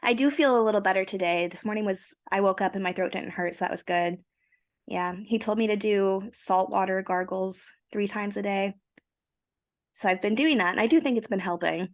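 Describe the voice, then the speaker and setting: A young woman co-hosting a casual podcast, her voice hoarse from a cold, telling her story in a chatty, self-mocking way. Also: medium pitch, moderate pace. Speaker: podcast co-host. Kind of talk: casual chat.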